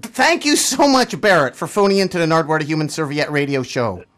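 A man hosting a campus radio interview, excitable and playful with a sing-song delivery. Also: on the high side, brisk. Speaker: radio show host. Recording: studio radio.

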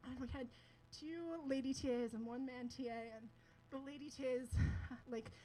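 A woman's voice: high voice, fairly even intonation, moderate pace, dark tone, slight background noise, rough recording. A young woman telling a personal story to an audience, chatty and laughing often, with lots of filler words.

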